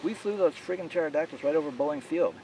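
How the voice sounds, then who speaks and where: A brash, wisecracking gunman, put on by a male author reading aloud. He talks high and loud with open exasperation. The voice sits at a distance from the mic with faint noise behind. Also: fast, natural voice. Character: brash wisecracking man with a shotgun.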